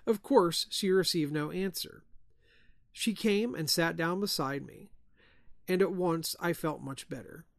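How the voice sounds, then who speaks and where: Male host reading a ghost story, slightly high voice, very dry close sound. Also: measured pace, gravelly, no room sound. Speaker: podcast host.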